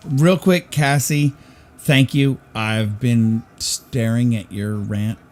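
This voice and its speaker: A man's voice: mid-range voice, takes it slowly, darkish tone. A man hosting a casual livestream, thanking a viewer in an appreciative way. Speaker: livestream host.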